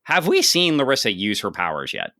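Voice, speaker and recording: A man's voice: lowish voice, huge pitch swings, a little fast, sharp tone, dry recording, studio quality. A man co-hosting a casual comic-book podcast, recapping the plot with wry, sarcastic asides. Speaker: podcast co-host.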